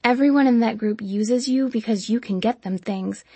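A spiteful young woman bullying a rival, voiced by a woman reading a novel aloud. She drags her words out slowly, sugary on top and cruel underneath. The voice is husky and close, with no room around it. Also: fairly high pitch, warm tone, dry recording. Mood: taunting.

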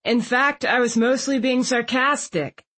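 A woman's voice: fairly high pitch, steady tone, measured pace, fairly bright tone, voice pushed up. A woman voicing a sarcastic, put-upon young man. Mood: sardonic.

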